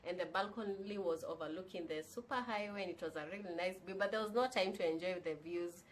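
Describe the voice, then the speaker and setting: A young woman vlogger tells a personal story casually and candidly, now and then slipping in Swahili phrases. Her voice is fairly low in pitch and she talks fast, with a little hiss or hum in the recording.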